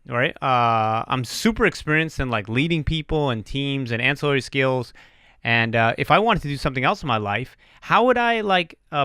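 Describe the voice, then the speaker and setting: A man's voice: mid-range voice, bright, forceful tone, dry recording, clean studio sound. A man hosting a casual podcast, rambling and joking at his own expense, swearing now and then. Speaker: podcast host. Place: streamed live on Twitch.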